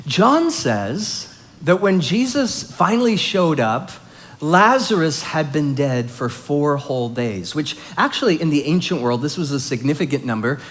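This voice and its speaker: A man's voice: fairly high pitch, sing-song, measured pace, fairly bright tone. A male pastor preaching a sermon, explaining scripture in a conversational way and building emphasis on key points.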